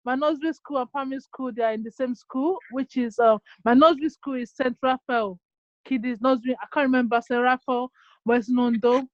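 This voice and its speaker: A young woman from Nigeria, a bit high-voiced, talks through a dull, muffled video call. She pauses often with ums and restarts her sentences as she answers. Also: steady tone, dry recording. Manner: hesitant, many ums and restarts. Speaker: guest QA engineer. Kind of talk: casual online interview.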